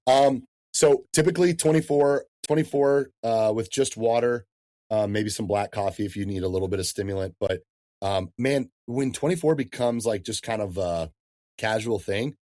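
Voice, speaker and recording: A fitness coach in his thirties, with a lowish voice and moderate pace, talks animatedly in a casual podcast interview, full of slang and calling people dude and man. The recording is dry and studio quality.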